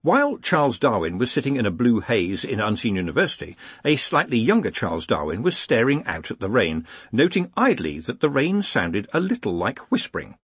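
A man reading an audiobook in a wry, expressive storytelling manner. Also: lowish voice, breathy edge, no room sound. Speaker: audiobook narrator. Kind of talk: scripted narration.

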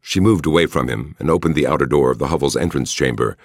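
A man narrating an audiobook in a measured, expressive way. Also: a bass voice, creaky, no echo, clean studio sound. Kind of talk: scripted narration.

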